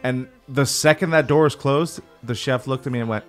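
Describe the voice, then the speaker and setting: A man's voice: medium pitch, moderate pace, soft background music. A man in casual podcast chat who tells profane stories and laughs often. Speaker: podcast co-host.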